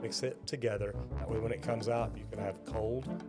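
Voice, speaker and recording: A man's voice: fairly low pitch, steady tone, moderate pace, over loud music. A man, a plumber hosting a reaction video, explaining things in a friendly, folksy way. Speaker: plumber and host reacting to a clip. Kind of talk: reaction commentary.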